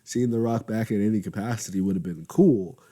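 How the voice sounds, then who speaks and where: Young guy with a low voice just rambling casually about wrestling, kinda sleepy. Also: normal speed, dark tone. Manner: rambling, conversational, yawning. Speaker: wrestling podcast host. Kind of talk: casual commentary.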